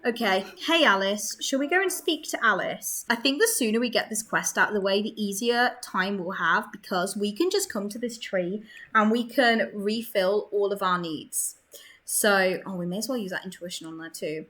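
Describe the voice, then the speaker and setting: A young woman chatting excitedly while playing a life-sim game, laughing often. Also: medium pitch, moderate pace. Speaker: gaming creator. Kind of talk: casual gameplay commentary.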